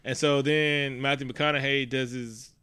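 A man's voice: mid-range voice, little pitch movement, measured pace, bright, forceful tone, clear, resonant tone, no echo. Profane, rambling young man. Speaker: podcast co-host. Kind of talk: casual movie recap chat.

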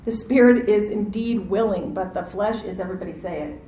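A woman preaching a sermon, lively and acting out the voices in the story, calling on her listeners to answer back. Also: mid-range voice, brisk, reverberant, low-quality recording. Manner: animated, acts out quoted voices, asks audience to respond.

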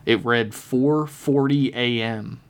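A man reading a dark horror story aloud in a steady, measured narration. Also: medium pitch. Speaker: podcast storyteller.

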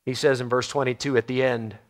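A man preaching a sermon, shifting between emphatic stresses and hushed low phrases, reading scripture aloud. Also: little pitch movement, a little fast. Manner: reads scripture in old-fashioned wording. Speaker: pastor.

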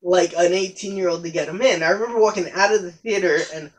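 A man's voice: high voice, fairly even intonation, fast, a little hiss or hum, low-quality recording. A young man telling stories in a casual, rambling podcast monologue, with frequent profanity and self-corrections. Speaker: podcast host.

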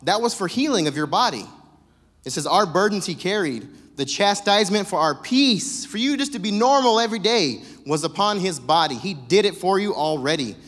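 A man's voice: sits high, lively intonation, normal speed, a bit bright, slightly rough. A young man preaching a sermon in a casual, joking, conversational way. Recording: long reverb of a church hall.

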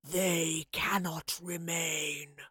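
A merciless, ancient hooded guardian of time speaks in a hollow, rasping whisper. Each word comes out slow and heavy with menace, breathy and husky. There is a sharp, bright edge under the rasp. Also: female voice, sits low, fairly even intonation, no room sound, clean studio sound, pitched below the performer's own voice, full character voice. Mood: cold menacing. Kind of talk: audiobook narration.

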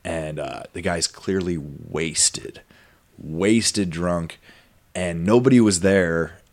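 A man's voice: low voice, takes it slowly. A man hosting a podcast, telling a long story in a rambling, casual way full of fillers and asides. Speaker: podcast host. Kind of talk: casual conversation.

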